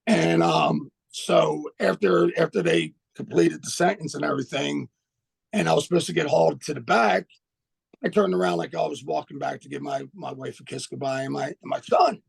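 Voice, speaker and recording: A man's voice: on the high side, normal speed, creaky, slightly rough. An older man telling his own story as a podcast guest, in a blunt, profane, streetwise manner. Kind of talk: casual storytelling.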